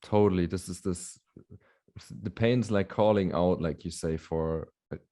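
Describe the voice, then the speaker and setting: A man hosting a calm, meandering conversation about mindfulness and emotions, with soft affirmations. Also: deep voice, a little slow. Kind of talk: casual conversation.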